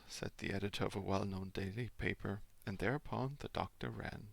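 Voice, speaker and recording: A man whose first language is German reads a classic novel aloud as a father would, with expressive emphasis and small stumbles. His voice is low and gravelly. The recording is dry and close. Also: fairly quick, few pauses, no echo. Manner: expressive, animated reading with small slips.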